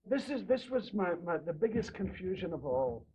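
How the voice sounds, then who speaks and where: A Glaswegian man reminiscing casually in an interview, telling animated stories and laughing often. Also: sits high, normal speed, husky. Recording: dull lo-fi radio recording.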